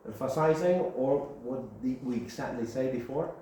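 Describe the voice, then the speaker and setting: A man's voice: mid-range voice, moderate pace. Man teaching grammar in an echoey room. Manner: repeats key terms, checks with "yeah?". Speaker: English teacher. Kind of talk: classroom grammar lesson. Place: classroom with students. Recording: very echoey room, faint background hiss.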